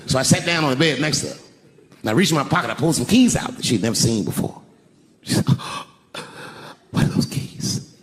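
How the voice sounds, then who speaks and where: A middle-aged man telling a stand-up story, swinging between hushed asides and loud outbursts. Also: mid-range voice, expressive, fast, husky. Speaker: stand-up comedian. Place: large theater stage. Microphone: stage microphone. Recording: reverberant live theater recording.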